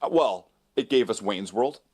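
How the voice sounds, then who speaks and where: Guy rambling in casual chat, laughs a lot, voice jumps all over. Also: normal speed. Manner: rambling, laughs often, lively pitch. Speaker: co-host.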